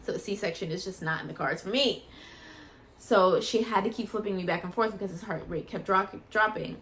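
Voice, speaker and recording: A woman vlogger casually telling a personal story in a chatty, animated way, acting out what people said. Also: mid-range voice, a little fast, slight background noise. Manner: chatty and animated, acts out quoted voices.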